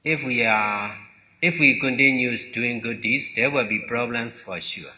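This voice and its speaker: A man whose first language is Burmese teaches in a bright, forceful voice, speaking very slowly. He pauses between short phrases and often repeats words. His voice rings through a hall with a long reverb. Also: medium pitch. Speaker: monk teacher. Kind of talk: slow dharma talk.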